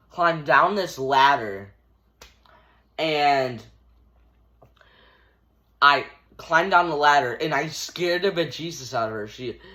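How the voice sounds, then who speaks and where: Bright-voiced teenage guy rambling through a story. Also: on the high side. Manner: rambling, filler-heavy, lots of "like" and "dude"; acts out scenes with hand gestures. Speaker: storytime vlogger. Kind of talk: casual storytelling to camera.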